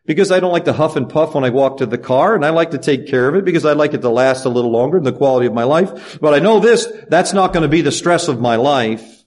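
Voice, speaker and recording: A man's voice: fairly high pitch, darkish tone. Earnest male pastor preaching. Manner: earnest preaching with rhetorical questions. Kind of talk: sermon.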